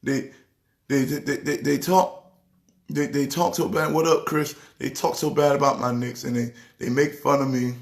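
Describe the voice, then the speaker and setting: A man who is a pastor, talking sports casually in an excitable way, repeating words with a preacher's rhythm. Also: mid-range voice, normal speed, gravelly, roomy sound. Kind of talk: casual sports talk show.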